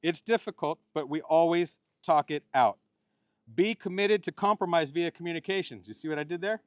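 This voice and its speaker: A middle-aged man gives a wedding ceremony speech as the officiating uncle. His voice sits a little high, and he slips playful jokes in between sincere marriage advice. The sound is close and dry. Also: brisk, smooth, dry recording. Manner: joking, playful asides between heartfelt advice.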